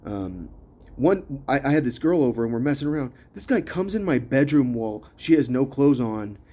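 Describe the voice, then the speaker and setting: A young man talking in a rambling personal monologue, hesitant, full of fillers and restarts, growing louder and higher when he gets worked up. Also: sing-song, moderate pace.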